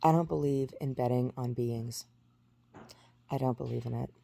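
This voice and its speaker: A woman's voice: rumbling low, moderate pace, gravelly, dark tone. A woman in her forties talking through a rambling personal story, full of restarts and fillers. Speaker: vlogger. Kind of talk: casual storytelling monologue.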